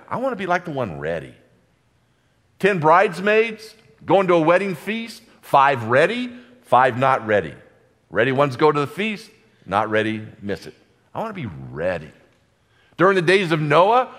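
Fervent preacher with a lively, swinging voice. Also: male voice, mid-range voice. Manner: fervent, swinging from loud exclamations to hushed asides. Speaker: pastor. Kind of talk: sermon. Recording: long hall reverb.

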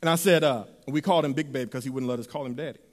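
A man preaching a sermon in an animated way, swinging from loud to soft, in a church sanctuary. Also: medium pitch, very fast, in a large hall.

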